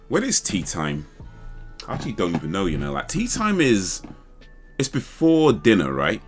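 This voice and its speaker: A man's voice: on the low side, wildly swooping pitch, normal speed, faint music behind. A man hosting a casual livestream chat, rambling and thinking aloud as he second-guesses himself. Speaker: livestream host.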